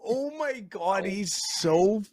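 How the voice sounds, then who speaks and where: A man's voice: sits high, expressive, slow pace, darkish tone. A man co-hosting a talk stream, crude and joking as he comments on a video, often slipping into mocking voices. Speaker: podcast co-host. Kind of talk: casual comedic commentary over a video.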